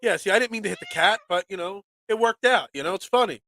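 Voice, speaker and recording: A man's voice: sits high, fast, a little hiss or hum. Congested, nasal-voiced man talking sports. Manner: animated, excitable, repeats words. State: congested from a cold. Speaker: sports podcast host. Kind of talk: casual sports talk show.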